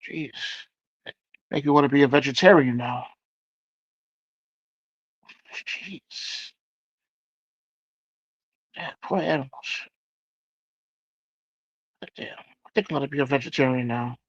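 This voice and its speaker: A man hosting a livestream, chatting casually as he reads out viewer comments and reacts to them with loud exclamations. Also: mid-range voice, fast talker, no echo, highs cut off. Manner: exclamatory, reacting aloud to chat. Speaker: livestream host.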